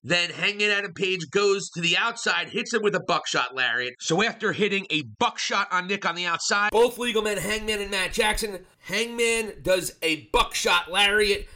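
A man hosting a casual wrestling recap, excitable and swearing casually. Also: high voice, normal speed, few pauses.

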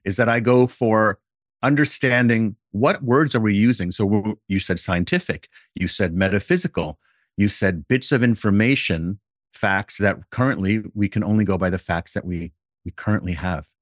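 A man with a fairly low voice speaks in a relaxed podcast conversation. He takes his time and works through each point with a playful what-if scenario. The sound is dry, with no room around it. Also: no echo. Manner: deliberate, explains with playful hypothetical examples.

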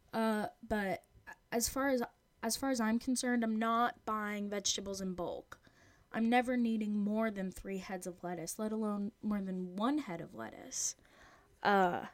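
Rambling and joking, a woman of twenty chats casually on her own podcast as host. She has a fairly high, slightly mellow voice, and there is no room sound.

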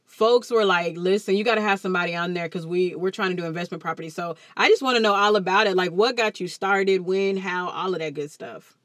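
A woman's voice: fairly low pitch, brisk, few pauses, no echo. Chatty Texan woman podcast host. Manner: lively, chatty, uses Southern Black vernacular. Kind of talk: casual podcast chat.

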